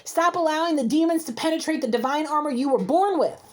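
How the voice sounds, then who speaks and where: A woman's voice: sits high, lively intonation, fast. A woman giving a heated spiritual card reading, scolding emphatically and repeating herself as she rants. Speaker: intuitive card reader.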